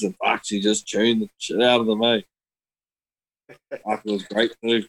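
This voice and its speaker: Casual guest: New man, fairly low voice, lively and profane storyteller. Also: moderate pace, long pauses, breathy edge, rough recording. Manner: swears freely, animated storytelling. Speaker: podcast guest.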